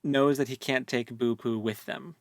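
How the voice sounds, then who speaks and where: A man's voice: medium pitch, fairly even intonation, moderate pace, dry recording, studio quality. A man co-hosting a podcast, chatting casually and rambling about a book, laughing often. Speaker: podcast co-host.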